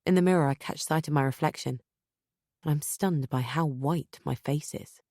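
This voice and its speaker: A woman narrating a first-person thriller audiobook in a measured, tense way. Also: deep voice, darkish tone, no echo, studio quality.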